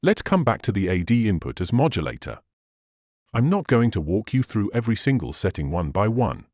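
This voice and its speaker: In an instructional screen walkthrough, a man patiently explains synthesizer settings one step at a time, his phrasing slightly non-native. He talks briskly in a fairly low, sing-song, slightly mellow voice, with clean studio sound and no echo.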